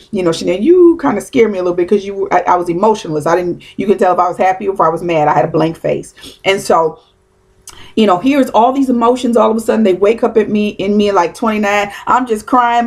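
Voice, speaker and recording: A woman in her thirties with a mid-range voice gives an informal teaching talk as a preacher. She tells stories conversationally and slips into quoted asides.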